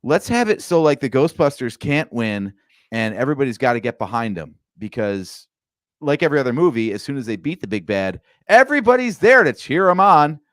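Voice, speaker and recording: A man's voice: mid-range voice, big pitch swings, fairly quick, dry recording, clean studio sound. A man co-hosting a podcast in casual movie review chat, opinionated and building his points with hypotheticals. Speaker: podcast co-host.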